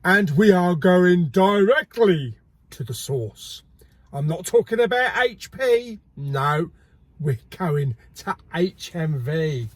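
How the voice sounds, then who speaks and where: A man's voice: sits high, no room sound. A man hosting a casual shopping vlog, cheeky and jokey, swearing casually. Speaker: video host. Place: car and multi-storey car park.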